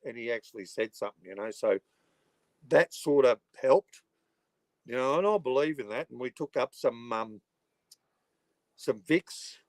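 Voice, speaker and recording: A man's voice: mid-range voice, no echo. A middle-aged Australian man hosting a livestream, rambling and swearing heavily, with lots of "you know" filler. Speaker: livestreaming channel host. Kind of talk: rambling casual livestream chat.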